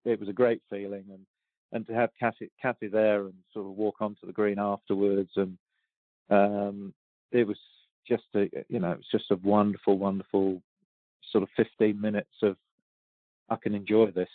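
In a relaxed storytelling interview, the sixty-something golf champion speaks at a moderate pace in a lowish voice with little pitch movement. Hesitant and quick to laugh, he stumbles through many ums and restarts over a tinny, dry phone line with no room sound.

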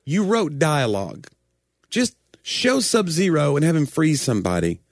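A man in casual comedic chat, jokey and ranting. His pitch leaps around with lively energy. The sound is dry, with no room echo. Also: normal speed, vocal fry. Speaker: podcast co-host.

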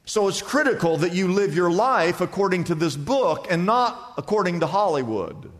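A man preaching a sermon in a church, with emphatic delivery that swings from loud, raised lines to hushed ones. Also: sits high, animated, moderate pace, in a large hall, a little hiss or hum. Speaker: pastor.

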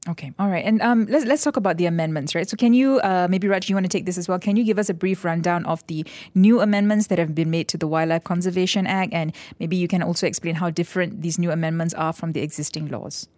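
A woman hosting a radio interview, steering her guests with brisk guiding questions. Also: lowish voice, a little mellow, no echo. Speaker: radio host. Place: radio studio.

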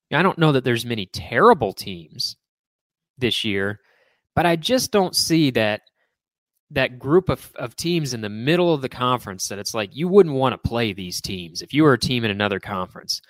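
A male sports talk host lays out strong opinions and playfully ribs his co-host. His voice sits at a middle pitch, and the recording is dry with no room echo. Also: big pitch swings, normal speed.

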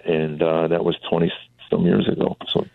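A man's voice: low voice, completely flat delivery, moderate pace, creaky, no room sound. A middle-aged comedian telling his life story on a radio talk show, acting out the voices of people he quotes. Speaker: comedian and author guest. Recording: tinny phone line.

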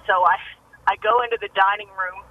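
A middle-aged woman calling in to a radio show, chatting and telling a story in an animated way. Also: mid-range voice, quick pace. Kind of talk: casual phone chat. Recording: muffled phone line, faint noise.

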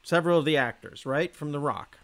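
A man co-hosting a casual film podcast, speaking haltingly with many restarts. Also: a little high. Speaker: podcast co-host. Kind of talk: casual movie review chat.

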